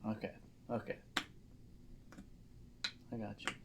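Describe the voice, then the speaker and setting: A man's voice: slow, noisy background. A man co-hosting a casual podcast, dropping dry, teasing remarks. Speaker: podcast co-host.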